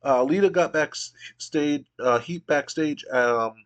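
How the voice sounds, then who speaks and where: A man narrates a game playthrough in a relaxed, casual manner. His voice sits slightly above the usual male range, and he talks in an easy play-by-play style. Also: a little high, slow. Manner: relaxed play-by-play, occasional fillers. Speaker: let's play host.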